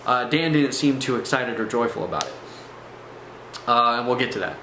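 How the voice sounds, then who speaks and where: A man of ordinary pitch tells his own story to viewers in a loose, conversational way, stopping often to check that they follow. His voice rings in a room with a lot of echo. A faint hiss sits underneath. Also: lively intonation, moderate pace. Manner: conversational, speaks straight to viewers with frequent asides. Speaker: personal testimony vlogger. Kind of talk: casual spoken testimony to camera.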